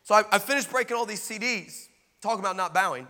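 A man with a high, bright voice preaches a sermon, acting out the dialogue of his story and rising into emphatic exhortation. His voice carries the long reverb of a large hall. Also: fast talker.

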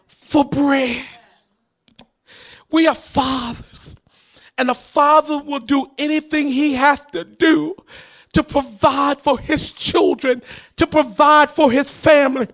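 A man preaching a sermon in a chanting, repetitive cadence, often rising into shouts and sing-song. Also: very high voice. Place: church.

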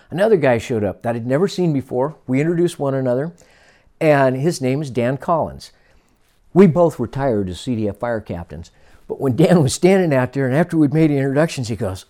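Older man telling stories, mellow voice. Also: medium pitch. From Northern California. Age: 60s. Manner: storytelling, acts out quoted dialogue. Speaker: retired fire captain. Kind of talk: oral history interview.

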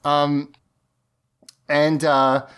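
A man's voice: fairly high pitch, completely flat delivery, extremely slow, a bit bright, clean tone. A man co-hosting a podcast, recapping an episode in a chatty, amused, rambling way. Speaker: podcast co-host. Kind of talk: casual episode recap chat.

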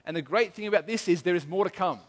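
Speaking quickly in a high register, a middle-aged man preaches with earnest emphasis as a pastor and keeps restarting sentences. A long hall echo trails his words.

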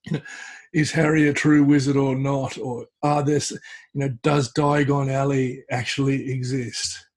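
A man, a podcast guest, telling a folk tale in a relaxed conversational way, often stopping and restarting his phrases. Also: medium pitch, normal speed. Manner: hesitant, restarts phrases, tells story with acted quotes. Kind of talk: conversational storytelling. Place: at home with a cat.

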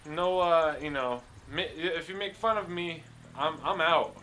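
A man's voice: a little high, a little slow, sharp tone, a little hiss or hum. A man co-hosting an improvised comedy podcast, hesitant and stammering.

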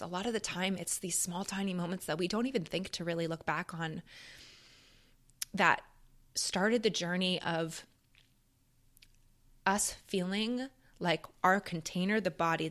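A young woman with a slightly low voice tells her own life story in a candid, casual way. She speaks with open emotion and plenty of fillers, and now and then she swears. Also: a bit bright.

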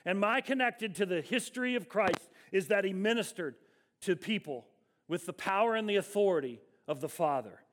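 A man preaching with a noticeably high voice, leaning into his points with emphasis. He slows right down to stress the key phrases of his sermon. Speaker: pastor.

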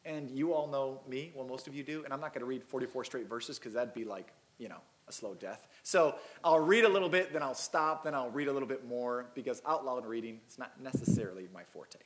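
A man's voice: mid-range voice, fairly quick, hardly any pauses, echoey room. A man preaching a Christmas sermon as pastor, reading scripture and breaking in with casual, self-deprecating asides.

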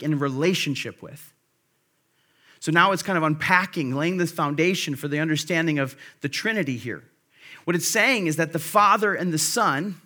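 A pastor preaching a sermon in a conversational way, with fillers and restarts, slowing and dropping quiet to stress key phrases. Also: male voice, fairly high pitch. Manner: drops to a slow, quiet emphasis on key phrases.

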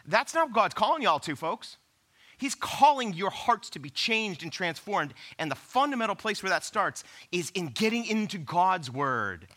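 Male pastor, high bright voice, lively conversational sermon full of rhetorical questions.

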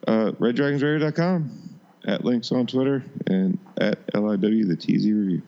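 A man's voice: on the low side, moderate pace, dull audio. A man co-hosting a podcast, talking bluntly and sarcastically in casual chat. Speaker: podcast co-host.

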